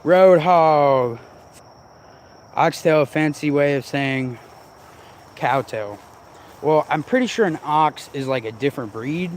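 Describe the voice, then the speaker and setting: A man's voice: on the high side, slow pace, pauses often, a little hiss or hum. A man vlogging in a casual, rambling way, swearing freely and sounding irritated as he goes off on tangents. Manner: profane, rambling, irritated ranting.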